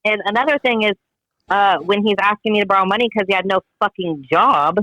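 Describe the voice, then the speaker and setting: A man telling a story in a casual chat, animated and profane, acting out what everyone said. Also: high-pitched, a little fast, very noisy. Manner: animated, profane, dramatic retelling with quoted voices. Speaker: guest friend telling a story.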